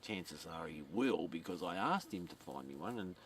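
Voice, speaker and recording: A man's voice: low voice, animated, normal speed. A man talking in a meandering outdoor monologue, repeating himself, swearing and chuckling as he goes. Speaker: vlogger. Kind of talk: rambling monologue to camera. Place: outdoors at a graveside. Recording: distant mic outdoors, faint outdoor noise.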